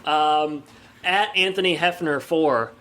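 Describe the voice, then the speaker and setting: A man's voice: on the high side, takes it slowly, pushed and bright. A man co-hosting a podcast in casual chat, rambling with lots of filler words. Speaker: podcast co-host.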